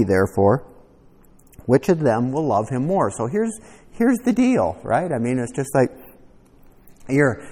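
A man preaching a conversational sermon, teaching verse by verse with animated asides. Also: mid-range voice, in a large hall. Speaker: pastor.

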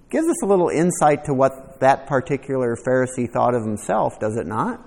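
A man preaching a conversational sermon, teaching verse by verse with animated asides. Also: mid-range voice, normal speed, long reverb tail. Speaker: pastor.

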